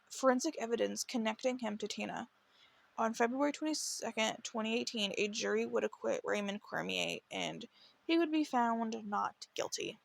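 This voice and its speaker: This true crime podcast host is a woman whose voice is slightly high and creaky. Her telling of the case is heartfelt and emotional, and she trips into restarts whenever she reads quotations.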